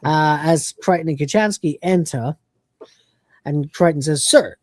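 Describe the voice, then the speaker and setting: A male podcast host in casual chat, rambling through his points with plenty of fillers. His voice is mellow and darkish, recorded dry and close. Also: on the high side, fairly even intonation, measured pace, no room sound. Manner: rambling with many fillers, acts out quoted lines.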